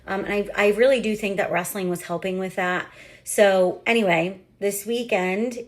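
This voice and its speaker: A woman's voice: mid-range voice, fairly even intonation, normal speed. Woman, 30s, parent vlogger. Chatty, candid, casual storytelling with heavy fillers. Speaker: parent of a young athlete.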